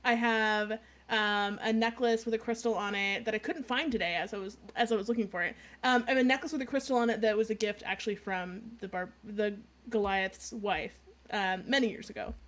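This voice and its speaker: A woman's voice: mid-range voice, fairly even intonation, fairly quick, a bit bright. A woman co-hosting a podcast in casual chat, chatty and laughing often, with lots of fillers. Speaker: podcast co-host. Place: in-person studio recording.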